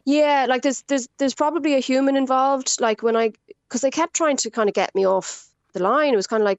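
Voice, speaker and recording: An Irish woman guest on a radio talk show, recounting in lively storytelling how she was scammed, quoting what others said. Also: high voice, brisk, no echo. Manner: animated storytelling, quotes others. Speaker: scam victim guest. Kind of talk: radio interview.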